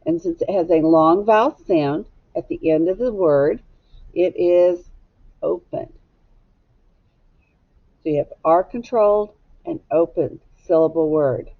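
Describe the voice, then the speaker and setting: A woman teacher leading a recorded phonics lesson for young students, speaking patiently and asking them to echo words back. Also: on the low side. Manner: slow, patient, asks pupils to echo words. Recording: slightly dull, lo-fi recording.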